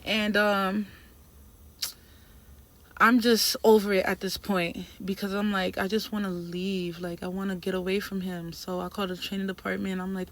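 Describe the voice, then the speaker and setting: A woman telling a story in a casual vlog, animated and emphatic, with lots of slang. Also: mid-range voice, moderate pace. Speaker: trucking trainee telling a story.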